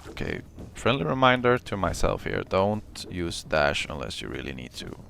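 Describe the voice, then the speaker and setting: Male streamer, deep and gravelly, cursing and yelping through his gameplay commentary. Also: moderate pace, a little hiss or hum. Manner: excitable, swings between muttering and yelling; curses often.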